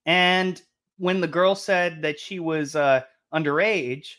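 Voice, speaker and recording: A man co-hosting a casual podcast chat, speaking in a halting way full of fillers. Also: a little high, fairly bright tone, clear, resonant tone. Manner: halting, filler-heavy delivery.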